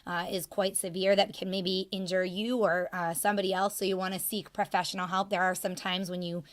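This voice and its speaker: A woman's voice: on the low side, flat delivery, a little fast. A woman hosting a podcast interview, asking long questions with many ums. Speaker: podcast host.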